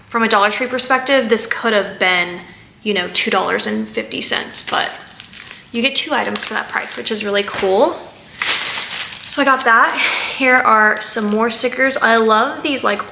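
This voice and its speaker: A woman's voice: on the high side, vocal fry, echoey room, noisy background. A woman chatting casually through a haul vlog, rambling with fillers and asides as she sorts items. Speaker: haul vlogger.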